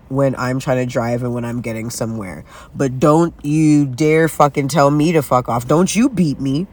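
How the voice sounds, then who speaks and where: A man from Canada telling a casual, profane story in an animated, self-mocking rant. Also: mid-range voice. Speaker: vlogger. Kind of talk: casual ranting monologue.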